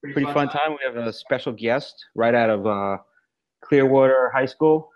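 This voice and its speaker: A man's voice: mid-range voice, moderate pace, highs cut off. Laid-back male podcast co-host. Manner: laid-back, filler-heavy rambling. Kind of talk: casual podcast chat. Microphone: video call.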